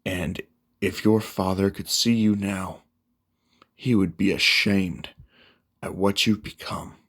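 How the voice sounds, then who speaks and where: A man's voice: low-pitched, fairly even intonation, takes it slowly, fairly bright tone, exaggerated voice. A man voicing a brash, foul-mouthed young male hero who talks bluntly and confrontationally in a fan-made story. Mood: scolding.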